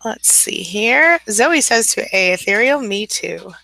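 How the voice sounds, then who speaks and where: A woman's voice: mid-range voice, expressive, unhurried, creaky, sharp tone, dry recording. A woman coaching on a live stream, reading viewer comments aloud and answering them encouragingly, now and then scolding her kitten.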